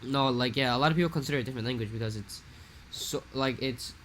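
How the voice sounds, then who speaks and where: A young man from Hawaii, telling a rambling, animated story in a casual podcast chat. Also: mid-range voice, fast, slight background noise. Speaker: podcast co-host.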